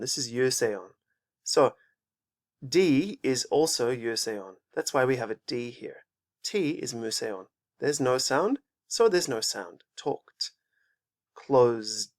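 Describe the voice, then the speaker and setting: Male English teacher, unhurried delivery, repeats each word for the class. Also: mid-range voice. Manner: slow, patient, repeats words for students. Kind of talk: pronunciation lesson for students. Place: teaching in Japan.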